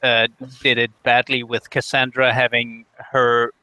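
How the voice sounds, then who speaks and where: A man's voice: medium pitch, level tone, measured pace, sharp tone, low-quality recording. A man on a casual panel giving emphatic opinions. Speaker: panel guest. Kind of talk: casual chat.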